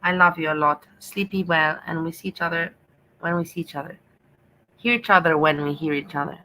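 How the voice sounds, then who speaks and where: A woman's voice: sits low, a little fast, sharp tone, slight background noise, low-quality recording. A woman hosting a casual livestream, chatting affectionately and playfully with her viewers. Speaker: livestream host.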